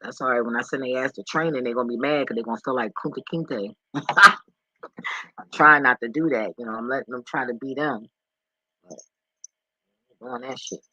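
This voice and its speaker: A man's voice: mid-range voice, normal speed, long pauses, sharp tone, breathy edge, dry recording, dull audio. A man, vlogging casually from home, emotional and swearing, talking to his dogs. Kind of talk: casual reaction vlog. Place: indoors at home.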